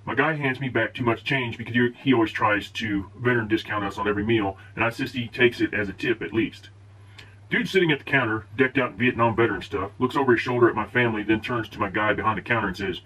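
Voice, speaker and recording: A man reading online posts aloud in a plain, steady way, with the odd stumble over a word. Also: mid-range voice, quick pace. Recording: distant, dull and husky-sounding.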